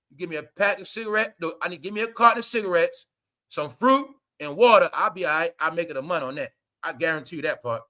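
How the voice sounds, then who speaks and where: Ranting preachy man, bright tense voice. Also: on the high side. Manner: preachy, blunt, addresses viewers as y'all; swears freely and repeats himself. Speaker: commentary vlogger. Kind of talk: ranting commentary monologue.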